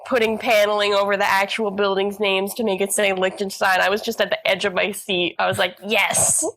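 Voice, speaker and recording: A woman's voice: mid-range voice, level tone, a bit bright, rough recording. A woman co-hosting a podcast, chatting playfully and joking about a TV episode. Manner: chatty, playful, quick to joke. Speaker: podcast co-host. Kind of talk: casual chat about a TV episode.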